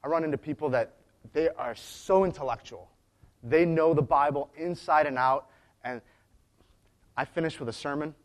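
A man's voice: on the high side, normal speed, pauses often. A man preaching in a conversational way, telling stories with frequent restarts and asides. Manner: chatty storytelling with frequent restarts. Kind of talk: conversational sermon.

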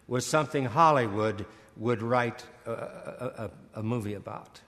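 An older man preaching a sermon, earnest, stammering and repeating words, slowing and swelling on key phrases. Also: mid-range voice, a bit bright. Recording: long hall reverb.

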